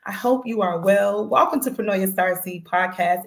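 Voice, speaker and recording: A woman hosting a live podcast stream in excitable, chatty, slangy talk, laughing easily. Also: medium pitch, normal speed, gravelly, hardly any pauses. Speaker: podcast host. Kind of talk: casual livestream chat.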